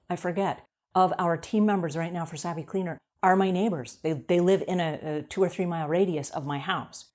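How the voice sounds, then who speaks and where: Woman talking shop about cleaning biz ads, lower voice, super conversational, keeps saying right?. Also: darkish tone. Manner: chatty, conversational, often asks "right?"; acts out quoted voices on the fly. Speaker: cleaning business coach. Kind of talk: casual advice talk to camera.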